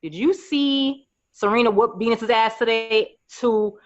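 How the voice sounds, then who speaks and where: A woman in her thirties from New York, a podcast guest telling stories in a lively, casual way and acting out her friends' voices. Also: a little high, unhurried, lo-fi sound. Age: 30s. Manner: animated storyteller, acts out friends' voices. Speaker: podcast guest, makeup artist.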